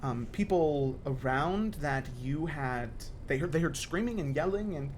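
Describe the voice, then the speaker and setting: A man's voice: fairly high pitch, animated, a little hiss or hum. Man doing a hesitant woman mayor. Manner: hesitant, halting. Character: female town mayor, hesitant and official.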